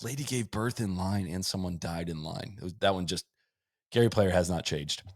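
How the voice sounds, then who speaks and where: Low-voiced man rattling off season stats. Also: no room sound, studio quality. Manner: rattles off lists of stats, quick asides and chuckles. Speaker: podcast host. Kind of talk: casual chat recapping a sports season.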